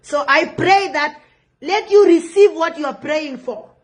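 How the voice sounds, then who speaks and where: A woman's voice: high-pitched, a little slow. A South Sudanese woman with a South Sudanese accent giving impassioned political commentary, repeating phrases for emphasis. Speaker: online commentator.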